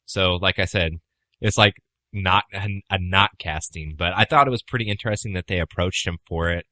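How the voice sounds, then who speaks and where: Deep-voiced, bright man arguing casually. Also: moderate pace, dry recording. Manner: argumentative, teasing, swears freely. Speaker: podcast co-host. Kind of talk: casual chat.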